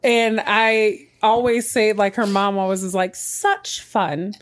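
A woman's voice: mid-range voice, fairly even intonation, unhurried. A woman co-hosting a podcast, talking expressively and laughing often in casual chat. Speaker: podcast co-host.

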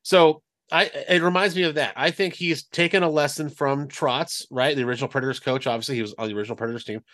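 A man's voice: mid-range voice, steady tone, fast, fairly bright tone. A man co-hosting a sports podcast, rambling and explaining with lots of "you know" and "like". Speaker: podcast co-host, sports reporter. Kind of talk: casual sports podcast chat.

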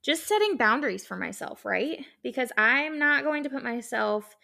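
This young woman runs her own podcast and chats alone in a heartfelt, rambling way, stumbling through fillers and restarts. Her high, animated voice has vocal fry and a sharp edge, at a moderate pace.

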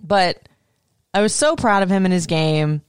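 Animated, foul-mouthed woman chatting. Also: lowish voice, normal speed, clear, resonant tone, no echo, studio quality. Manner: animated, swears freely, excitable. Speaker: podcast co-host. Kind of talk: casual chat.

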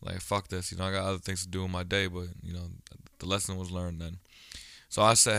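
A man's voice: low-pitched, flat delivery, fast talker, creaky, bright, forceful tone, dry recording, studio quality. A man in his thirties talking casually on his own podcast, a blunt storyteller who swears freely. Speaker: podcast host. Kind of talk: casual solo podcast monologue.

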